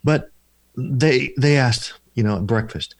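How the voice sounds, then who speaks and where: A man telling a personal ministry story in an interview, earnest and slowing down for emphasis as he acts out the dialogue. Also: mid-range voice, dry recording. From former Protestant, now Catholic. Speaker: deliverance minister, guest.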